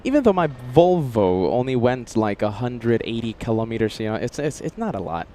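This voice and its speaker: A man hosting a live plane-spotting stream outdoors near a runway, chatty and excitable, rambling as he reads chat aloud. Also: mid-range voice, normal speed, slight background noise. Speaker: plane-spotting livestream host.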